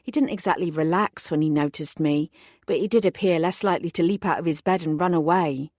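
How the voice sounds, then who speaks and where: A woman narrating a first-person audiobook in a clear, steady storytelling voice on a close studio mic. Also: lowish voice, a little fast, no room sound.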